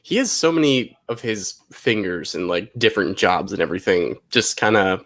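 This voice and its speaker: A man's voice: sits low, animated, moderate pace, fairly bright tone. A man hosting a casual movie watch-along stream, laid-back and rambling, full of "like.". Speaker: podcast host.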